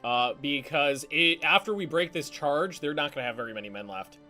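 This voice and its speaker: A man giving live commentary on a strategy game, talking in halting restarts with casual swearing and barking quick orders to his units. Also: a little high, animated, pushed and bright, faint music behind. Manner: barks quick orders to units, voice jumps up when alarmed. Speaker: streamer.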